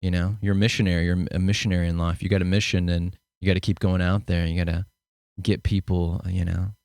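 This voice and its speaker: Man, podcast host, lowish voice, dry close mic, playful banter. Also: level tone, fast, a little mellow, clear, resonant tone, no echo. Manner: playful, encouraging. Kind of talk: podcast interview.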